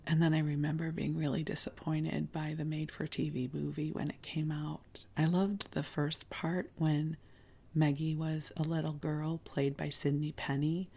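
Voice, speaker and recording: Husky low whispering woman, bedtime host. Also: flat delivery. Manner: soft, unhurried reminiscing with gentle laughs. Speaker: sleep podcast host.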